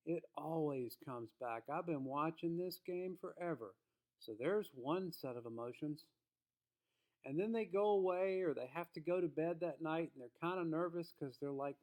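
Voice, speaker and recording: A man's voice: on the high side, moderate pace, a little mellow. Folksy, emphatic male trading teacher. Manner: emphatic, folksy, acts out quotes. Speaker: trading educator. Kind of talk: casual spoken lesson to viewers.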